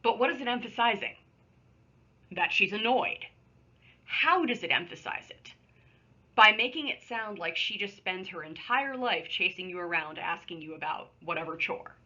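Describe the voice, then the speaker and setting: A woman teacher talks through a recorded online lesson, patient and conversational, with little asides as she works. Her voice is bright and a bit husky. The sound is dull and lo-fi, from a computer microphone. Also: medium pitch, lively intonation, moderate pace. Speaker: high school English teacher. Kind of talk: recorded remote lesson with screen share.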